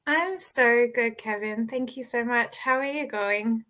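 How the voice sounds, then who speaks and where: A bubbly Australian woman in her thirties is chatting as an interview guest, and she laughs easily. Her voice is bright and forward and sits a little high. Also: unhurried. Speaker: guest author. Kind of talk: casual interview chat.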